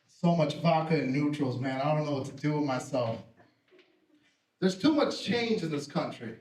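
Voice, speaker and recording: A high-voiced man does stand-up from a theater stage, brash and profane, mocking himself in his punchlines. His voice rings in a roomy hall. The mic sits at some distance, so he sounds a little far off. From Puerto Rican family. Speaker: stand-up comedian. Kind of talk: live stand-up set. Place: theater stage with live audience.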